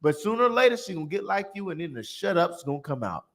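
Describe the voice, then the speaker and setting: Man, class teacher, blunt and preachy, slightly high voice, very animated delivery. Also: fast. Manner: emphatic, blunt, repeats himself for effect. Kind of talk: preachy religious class lecture.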